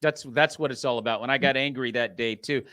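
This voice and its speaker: A man hosting an interview, enthusiastic and quick to agree with his guest. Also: mid-range voice, bright, forceful tone, clear, resonant tone. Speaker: talk show host. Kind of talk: casual interview chat.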